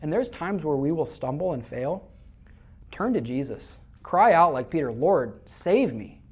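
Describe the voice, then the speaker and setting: In church before a live congregation, a man from Iowa, USA, preaches conversationally, telling stories and often repeating words when starting a phrase. His fairly high, husky voice is expressive and moves at normal speed.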